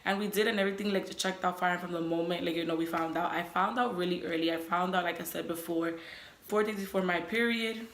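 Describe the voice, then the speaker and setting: A young woman tells a personal story in a loose, chatty way, scattering "like" and "you know" through her sentences. Her voice sits a little low for a woman, and the room around her is echoey. It sounds like a relaxed, one-person vlog. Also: quick pace. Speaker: vlogger. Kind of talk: casual storytelling.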